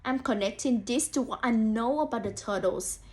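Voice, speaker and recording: A young student teacher with a voice on the high side reads a picture book to children at a moderate pace. Her running commentary is encouraging and aimed at imagined kids, with frequent "so" and "mm."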